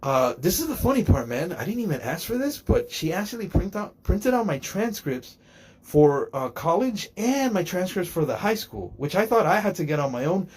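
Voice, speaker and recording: A man's voice: high-pitched, very animated, normal speed, darkish tone, husky. A middle-aged man telling a casual, rambling story in a joking, digressive way. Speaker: podcaster.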